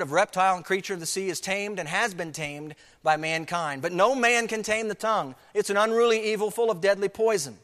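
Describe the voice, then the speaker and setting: A man's voice: on the high side, fairly bright tone, big-room sound. A man preaching a sermon, emphatic, repeating key phrases and asking rhetorical questions.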